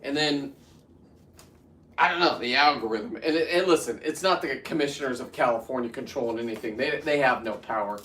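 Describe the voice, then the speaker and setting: A man's voice: medium pitch, fairly quick, pushed and bright, roomy sound, recorded from a distance. A man in his fifties talking casually to camera while he works, rambling with many restarts and getting worked up as he goes. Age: 50s. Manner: rambling, restarts, heats up into ranting. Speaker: vlogger.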